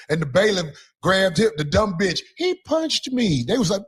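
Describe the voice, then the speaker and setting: A man giving heated casual commentary, ranting and mocking in a profane, animated way. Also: high voice, normal speed, few pauses, breathy edge.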